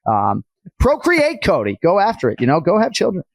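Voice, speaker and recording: A man's voice: sits high, moderate pace, vocal fry, no room sound. Boston-accented male podcast host, middle-aged, teasing and loose, dry close-mic sound. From Boston area, US. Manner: joking, ribbing, lively banter. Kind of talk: casual podcast chat.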